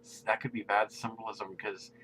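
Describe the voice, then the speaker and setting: A man rambling in a personal video message, giggling often and going soft and quiet when embarrassed. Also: on the low side, flat delivery, moderate pace, a little hiss or hum, rough recording. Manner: giggly, self-conscious, often laughing mid-sentence; drops to a soft near-whisper when embarrassed. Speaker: aspiring actor addressing a celebrity.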